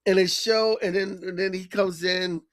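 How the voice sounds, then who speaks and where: A woman co-hosting a casual podcast chat, retelling a sketch with animated storytelling. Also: medium pitch, moderate pace, no echo, studio quality. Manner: animated storytelling, acts out quoted lines. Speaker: co-host.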